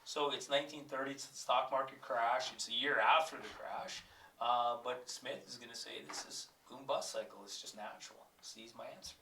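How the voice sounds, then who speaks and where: A man's voice: mid-range voice, fairly even intonation, moderate pace, sharp tone, echoey room, distant mic, slight background noise. A man with a cold, a teacher thinking aloud as he works through exam questions and reads passages aloud. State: has a cold.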